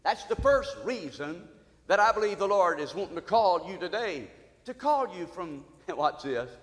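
A man delivering a sermon from the pulpit, pastoral and urgent, his exhortations climbing in intensity. His voice sits a little high for a man. The sound carries a long, lingering reverb from the sanctuary. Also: lively intonation, moderate pace. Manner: fervent, rising to exhortation. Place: church sanctuary.

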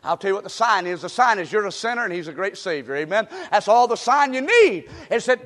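A pastor delivering a fervent sermon, often breaking into shouts. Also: male voice, sits high, animated, brisk, few pauses. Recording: long reverb of a large hall.

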